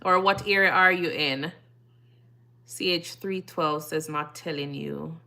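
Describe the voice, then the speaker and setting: Jamaican lady hosting a live stream, bright forceful voice, chatty, reads comments out loud. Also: low-pitched, unhurried, creaky. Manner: chatty, reads viewer comments aloud and answers them. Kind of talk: casual live-stream chat.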